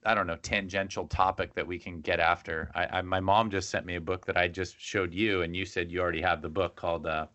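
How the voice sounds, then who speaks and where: Deep-voiced joking podcast host, man. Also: flat delivery, a little fast, hardly any pauses, pushed and bright. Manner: joking, self-deprecating, rambling. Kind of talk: casual podcast chat.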